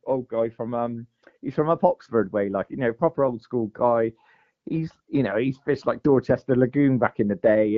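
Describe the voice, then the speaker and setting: A man tells his story in an easygoing, rambling way, scattering fillers and "mate" through every sentence. His voice sits at an ordinary middle pitch. The podcast audio is muffled and lo-fi. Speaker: guest angler. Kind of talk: casual storytelling chat.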